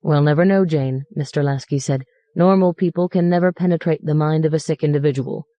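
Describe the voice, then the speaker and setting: A woman's voice: deep voice, fairly quick, dark tone, dry recording, natural voice. A woman reading the part of a formal, stiff middle-aged father who keeps a strained, clipped politeness. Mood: restrained politeness.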